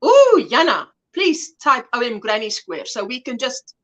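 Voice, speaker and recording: A woman's voice: a little high, big pitch swings, a little slow, fairly bright tone. A South African woman hosting a casual livestream chat, reading viewer comments aloud and laughing often. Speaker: livestream host.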